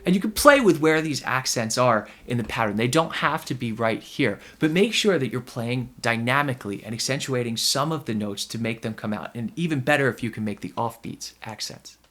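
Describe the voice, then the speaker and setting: A man's voice: mid-range voice, expressive, a little fast, hardly any pauses, fairly bright tone. A man teaching a ukulele lesson, explaining notes and accents, counting in the beat and singing the sounds of the notes. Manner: counts in and sings note sounds between explanations. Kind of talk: music lesson with counted-in play-along. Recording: ukulele playing in the background.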